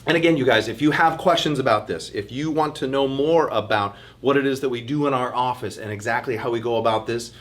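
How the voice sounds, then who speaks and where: A man of middle pitch giving a relaxed talk as a chiropractor at a health workshop. His delivery is chatty and animated. He addresses listeners directly and informally, like an online presenter talking to his viewers. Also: fairly quick, hardly any pauses.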